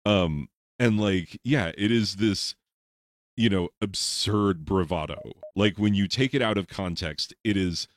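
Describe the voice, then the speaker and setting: A man who teaches high school English, rambling in casual commentary while playing a game, full of fillers and laughs. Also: a little slow, no room sound. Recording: game gunfire and explosions behind the voice.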